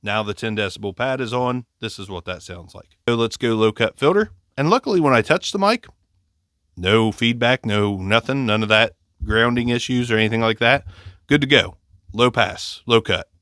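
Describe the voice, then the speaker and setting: A man's voice: mid-range voice, expressive, normal speed, a bit bright, dry recording. A man from Ohio with an Appalachian accent, congested and slightly nasal from allergies, reviewing a microphone in a chatty, joking way, close on a condenser mic. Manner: chatty, joking, self-deprecating. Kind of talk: casual gear review.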